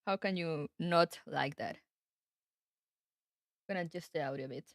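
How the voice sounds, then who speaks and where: A woman's voice: low voice, moderate pace, dry recording. A woman streaming, chatting casually with her viewers in a rambling way, with frequent laughs. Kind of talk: casual live-stream chat. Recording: music playing behind.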